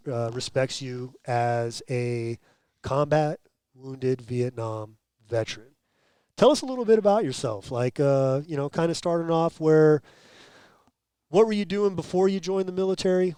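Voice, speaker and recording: A man's voice: medium pitch, a little mellow, smooth, no echo. A male host leading a casual talk show, joking and restarting his words often. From United States. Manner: stammering restarts, jokey. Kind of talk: casual chat.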